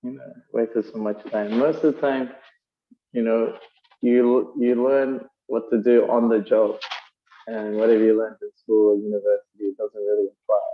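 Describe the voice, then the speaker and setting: A man's voice: fairly low pitch, flat delivery, normal speed, narrow, tinny audio, a little hiss or hum. A man giving a conversational sermon, telling stories and using fillers as he explains scripture. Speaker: preacher.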